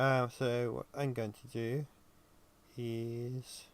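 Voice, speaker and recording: A tired man chatting casually on a livestream while he works on 3D animation, thinking aloud with frequent pauses and ums. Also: medium pitch, level tone. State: tired and yawning. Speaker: 3D animator livestreaming his work.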